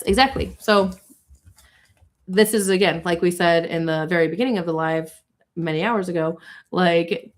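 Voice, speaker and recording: A young woman chatting casually as a tarot reader on a livestream, candid and quick to swear. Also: on the low side.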